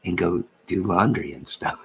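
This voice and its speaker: Man, very deep voice, husky, rambling joking livestream banter. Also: a little slow, fairly bright tone. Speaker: livestream host reading chat. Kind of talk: late-night casual chat with viewers.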